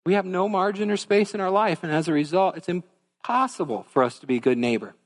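Earnest pastor preaching in a reverberant hall. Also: male voice, high-pitched, expressive, fairly quick. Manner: earnest, conversational, direct to congregation. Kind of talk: sermon. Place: church sanctuary.

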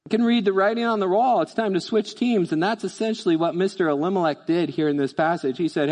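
High-voiced preacher in a reverberant church. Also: male voice, quick pace, hardly any pauses. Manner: conversational, animated, acts out voices. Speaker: pastor. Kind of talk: sermon.

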